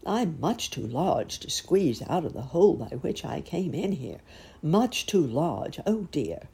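A kindly old gentleman rabbit from a storybook, fussy and fretful, as a woman reader puts him on. The tone is mellow and gravelly with a husky edge, and it swings widely as he frets. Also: deep voice, very animated, a little slow, exaggerated voice. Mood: worried. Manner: fretful, polite.

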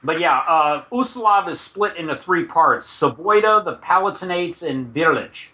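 A man with a bright, forceful, fairly high voice hosts a tabletop role-playing podcast. He rambles casually, throws asides to listeners, and reads lore passages aloud. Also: lively intonation, moderate pace, slightly rough. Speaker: podcast host and game master. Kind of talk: casual chat mixed with reading setting text aloud.

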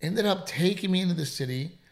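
Middle-aged male comedian, gravelly voice, candid and emphatic, swears a lot. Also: sits high, a little fast. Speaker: comedian and podcast co-host. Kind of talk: casual storytelling chat.

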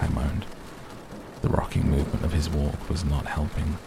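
A man reads a novel aloud at a measured, unhurried pace. His voice is very low with a gravelly edge. A constant hum sits under the recording. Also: flat delivery. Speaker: narrator. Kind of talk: audiobook narration.

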